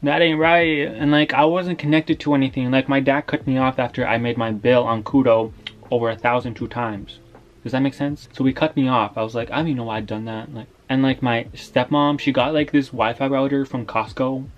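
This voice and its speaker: A man's voice: medium pitch, steady tone, moderate pace, highs cut off, soft background music. A young man telling a story time in a casual, slangy, rambling way, filling his talk with "like".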